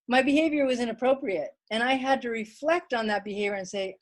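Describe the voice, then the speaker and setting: A woman's voice: on the high side, normal speed. A woman giving an online wellness workshop talk from home, chatty and plain-spoken, reading viewer comments aloud.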